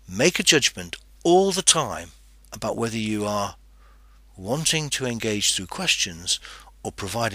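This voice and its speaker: A man's voice: medium pitch, pushed and bright, slightly rough, no echo. A man hosting a teaching podcast, explaining tips step by step and putting questions to the listener. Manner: instructive, poses questions to the listener. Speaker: podcast host.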